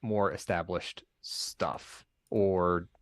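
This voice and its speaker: A man's voice: low-pitched, fairly even intonation, drawn-out words, no echo, studio quality. A man chatting casually in a group podcast, explaining things at length with frequent restarts. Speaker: podcast regular.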